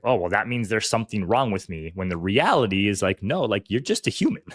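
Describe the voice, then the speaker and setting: A man with a very low voice speaks earnestly about his own experiences, reflective and unhurried. The sound is dry and close, with little room around it. He often lets his sentences drop softly at the end. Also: dry recording. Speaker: firefighter guest. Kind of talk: candid conversational storytelling.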